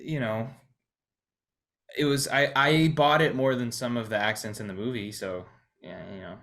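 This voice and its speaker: A man's voice: mid-range voice, steady tone, normal speed, a bit bright. Hesitant man in casual film talk. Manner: hesitant, many restarts and fillers. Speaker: podcast co-host.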